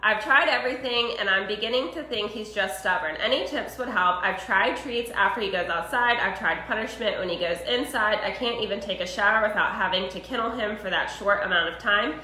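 A woman's voice: medium pitch, brisk, few pauses, bright, forceful tone. A woman co-host reading viewer questions about dogs aloud. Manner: reads listener questions plainly. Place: dog boarding facility room. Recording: echoey room, faint noise.

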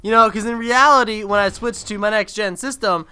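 Bright-voiced young man, rambling, swearing. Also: sits high, steady tone, a little fast, clear, resonant tone. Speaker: gaming video creator. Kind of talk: casual gameplay commentary.

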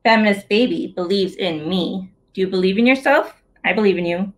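A woman in her thirties with a mid-range voice reads her own picture book at a video-call story hour. Her brisk, playful sing-song speaks directly to young children.

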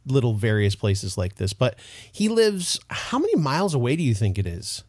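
Husky, lively American man hosting. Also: mid-range voice, moderate pace, no room sound, studio quality. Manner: chatty, self-mocking, lively. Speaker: podcast host. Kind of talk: casual chat.

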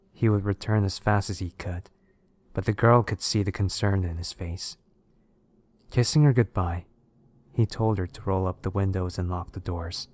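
Deep-voiced man narrating horror stories. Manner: steady, measured storytelling.

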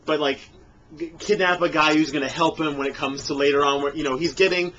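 A man's voice: fairly high pitch, steady tone, fairly quick, a bit bright, highs cut off. A man co-hosting a casual movie podcast, talking hesitantly with lots of fillers. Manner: hesitant, lots of "like" and "you know". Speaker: podcast co-host.

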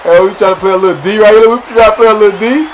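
A man's voice: sits high, very fast, a little hiss or hum. A young man giving casual, slangy, playful commentary over his own gameplay, hyping up the plays. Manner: animated, slangy, playful hype.

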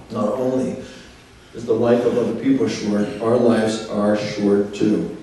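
Mellow-voiced pastor preaching in an echoey hall. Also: male voice, lowish voice, recorded from a distance. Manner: emphatic, repeats key phrases and asks rhetorical questions. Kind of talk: sermon. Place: church sanctuary. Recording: very echoey church hall, voice from off-mic, faint room noise.

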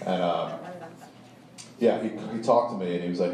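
A man telling a rambling, animated story at a live comedy show, acting out the people in it. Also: a little fast, long pauses, very echoey. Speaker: stand-up storyteller. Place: comedy club stage before a laughing audience. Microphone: handheld stage mic, recorded from the crowd. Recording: boomy live room taped from far off, audible noise. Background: audience laughter.

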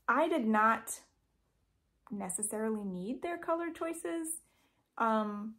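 A woman's voice: fairly high pitch, a bit bright. A woman vlogging about her cross stitch projects at home, chatty and rambling, correcting herself with frequent ums. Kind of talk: casual show-and-tell vlog. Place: home craft room.

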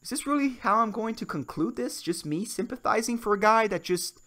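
Hosting his solo comedy podcast in Puerto Rico, a young man rants and swears freely, lurching between worked-up outbursts and mumbled asides. His high voice has lively intonation, a fairly bright tone, and a slightly fast pace.

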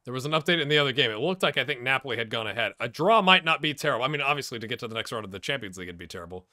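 Excitable, bright-voiced man calling a game. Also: medium pitch, very fast. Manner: excitable play-by-play, swinging between shouts and mutters; jokey, talks to viewers. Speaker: gaming YouTuber. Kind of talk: let's play commentary.

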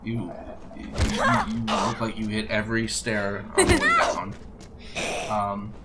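A man's voice: lowish voice, huge pitch swings, measured pace, very noisy. A man hosting a let's play, chatting casually and teasing his co-host with jokey banter. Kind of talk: casual chat while playing.

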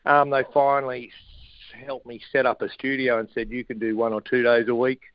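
A man's voice: medium pitch, level tone, normal speed, lo-fi sound. A middle-aged Australian man chatting casually as a radio guest, telling jokey stories from his home studio in a shed. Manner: laid-back, jokey storytelling. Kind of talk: casual chat.

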